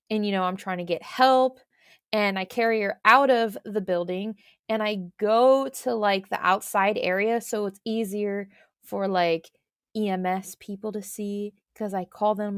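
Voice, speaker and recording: A woman's voice: medium pitch, clean tone, no room sound. Woman, podcast co-host, casual rambling storytelling, lots of filler words, dry close sound.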